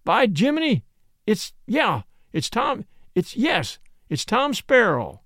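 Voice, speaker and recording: A man reading aloud and voicing an army captain who calls out news excitedly. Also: sits high, takes it slowly, no echo, studio quality, heavily acted. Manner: calling out excitedly.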